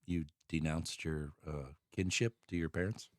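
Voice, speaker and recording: A man co-hosting a casual podcast from a converted garage, laid-back and quick with short agreeing replies. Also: rumbling low, fairly even intonation, no room sound, studio quality. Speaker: podcast co-host. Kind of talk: casual chat.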